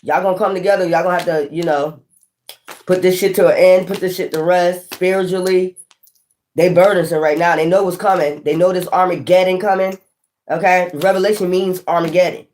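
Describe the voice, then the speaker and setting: A tarot reader giving a casual spiritual monologue, preachy and excitable, swearing often, laughing, and rambling with frequent restarts. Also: mid-range voice, brisk.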